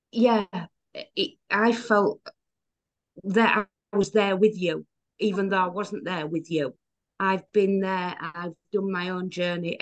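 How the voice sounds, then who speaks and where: A woman with a Yorkshire accent talks over a video call. She speaks slowly and with feeling, sharing her reactions in a warm, open way. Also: mid-range voice, poor audio. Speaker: poetry event participant. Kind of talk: casual video call chat.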